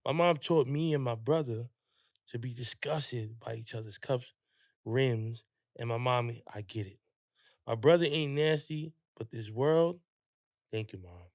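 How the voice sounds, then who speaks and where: A man with a New York accent hosting a podcast, laid-back and quick to agree. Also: mid-range voice, darkish tone, dry recording, clean studio sound. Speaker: podcast host. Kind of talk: casual podcast chat.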